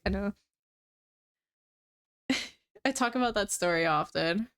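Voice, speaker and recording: A woman's voice: medium pitch, fairly quick, a bit bright, smooth. A young woman in her twenties chatting casually on a live stream as she repairs a cosplay, rambling and laughing as she talks. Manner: giggly, rambling storyteller with frequent laughs and fillers. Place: home room while crafting. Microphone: streaming setup.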